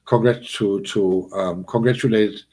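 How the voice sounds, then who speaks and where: Rambling, animated streamer man. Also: measured pace. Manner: rambling and animated, with restarts and chuckles; bursts of high-pitched excitement. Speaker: livestream host. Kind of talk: casual livestream chat, talking to chat.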